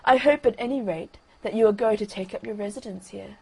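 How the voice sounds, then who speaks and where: A peaceable, gossipy duck lady chatters in a slightly raised, prim voice, as a woman reads her. Her voice is husky with a gravelly edge. She is a gentle storybook creature who never quarrels with anyone. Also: mid-range voice, a little fast. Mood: chatty. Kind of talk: bedtime story reading.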